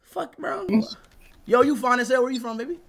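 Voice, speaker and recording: A man streaming live on a random video chat, yelling and swearing, then dropping to a low flirty mumble. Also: a little fast, creaky. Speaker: livestream host. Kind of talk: loud profane video-chat banter.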